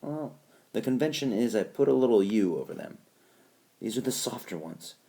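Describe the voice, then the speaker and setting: A man's voice: mid-range voice, very animated, normal speed, vocal fry, warm tone. A man teaching a recorded lesson, explaining step by step and reciting lines with exaggerated stress. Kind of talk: recorded classroom screencast lesson. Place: voice-over recorded over a whiteboard app.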